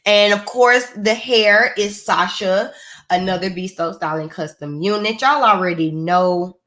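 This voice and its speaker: A woman's voice: lowish voice, a bit bright. Chatty woman hosting a live stream. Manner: chatty and playful, calls viewers "y'all". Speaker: YouTuber hosting her own live stream. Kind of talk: casual chat to viewers.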